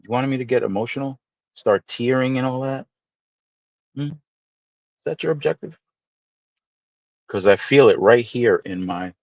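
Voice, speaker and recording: A man hosting a live stream, chatting casually with viewers and teasing them in playful, animated asides. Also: mid-range voice, normal speed, long pauses, no room sound, dull audio. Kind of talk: casual chat reading viewer comments.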